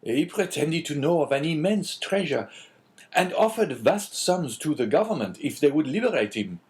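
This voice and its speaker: A man's voice: on the high side, sing-song, moderate pace, darkish tone, voice pushed up. A man voicing an anxious, eager middle-aged French prison inspector in an audiobook, in a fretful, pleading manner.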